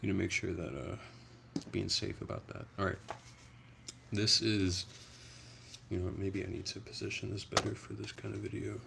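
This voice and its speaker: A young man chats casually on a livestream, rambling along in a soft, low-key way. His voice sits very low with a gravelly fry, and a faint hiss of noise runs underneath. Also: steady tone, moderate pace, long pauses. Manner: soft-spoken, rambling, chatty. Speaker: livestream host.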